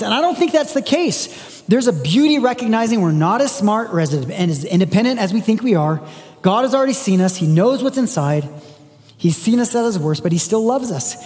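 Male pastor, high voice, earnest conversational sermon delivery, echoing church hall. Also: darkish tone. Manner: earnest, conversational preaching with frequent restarts.

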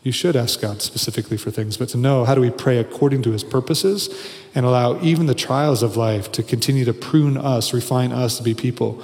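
A man's voice: mid-range voice, a little mellow. A man in his forties preaching a sermon, earnest and building to emphatic, repeated phrases. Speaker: pastor. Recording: long reverb of a large hall.

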